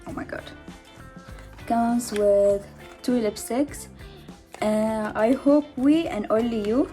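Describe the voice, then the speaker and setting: A woman's voice: fairly high pitch, steady tone, slow, dark tone, soft background music. Giggly, breathless young woman vlogging. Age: 20s. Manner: chatty, giggly, self-mocking. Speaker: beauty vlogger. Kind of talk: casual makeup haul chat. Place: at home in her mother's house. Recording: home vlog with background noise.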